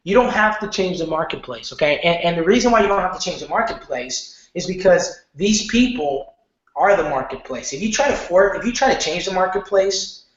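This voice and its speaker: Animated marketing coach in echoey room. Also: male voice, high-pitched, a little fast, highs cut off. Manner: animated, repeats "okay?", loose slangy talk. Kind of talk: casual training lecture.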